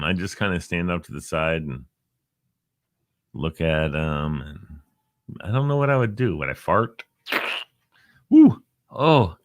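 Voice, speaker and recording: With a very deep voice, a man runs a relaxed live stream of encouragement, sharing uplifting quotes and bantering with viewers by name in an animated, joking manner. The sound is clean studio audio with no echo.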